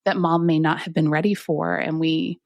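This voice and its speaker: A woman physician speaks in a fairly low voice with a gravelly, creaky edge. She explains in a calm, clinical way, recorded close and dry with no room sound. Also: normal speed, no room sound. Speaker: physician guest. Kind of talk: conversational interview.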